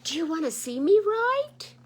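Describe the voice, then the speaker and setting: A woman voicing an eager, chatty male goose in a picture-book read-aloud, with a loud questioning lilt. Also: very high voice, sing-song, moderate pace, voice pushed up.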